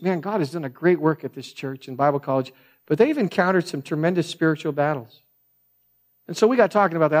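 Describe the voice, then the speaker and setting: A middle-aged man preaches in a casual, storytelling sermon style. He drifts into side points and keeps calling his listeners "man". His voice sits a little on the high side. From France. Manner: chatty, digressive, says "man" a lot. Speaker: pastor.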